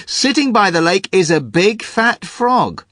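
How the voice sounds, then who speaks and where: A man's voice: high-pitched, animated, measured pace, sharp tone, no echo, clean studio sound, full character voice. An actor playing an eager, bumbling joke-teller in a scripted podcast, stumbling over his starts. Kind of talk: scripted comic podcast segment.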